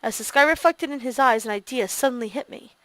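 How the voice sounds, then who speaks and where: Bright high-voiced woman streamer. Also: quick pace, no room sound. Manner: expressive, laughing reactions. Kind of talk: reading a visual novel aloud with commentary.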